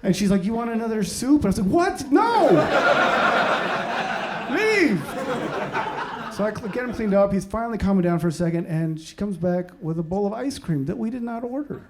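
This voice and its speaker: A man in his thirties doing stand-up comedy, swinging between mumbled asides and loud outbursts. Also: high voice, fast, few pauses, heavy background noise. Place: comedy stage before a live audience. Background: audience laughter.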